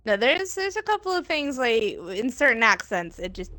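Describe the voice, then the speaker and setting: A woman's voice: on the high side, big pitch swings, normal speed, pushed and bright, no echo. A woman chatting casually while playing a game, with laid-back, dry replies. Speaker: co-player. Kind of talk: casual chat while gaming.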